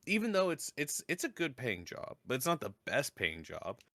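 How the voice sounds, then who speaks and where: A man's voice: medium pitch, huge pitch swings, moderate pace, pushed and bright, dry recording, clean studio sound. A man co-hosting a casual podcast, talking in a hesitant, stammering way as he sympathizes and muses. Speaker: podcast co-host.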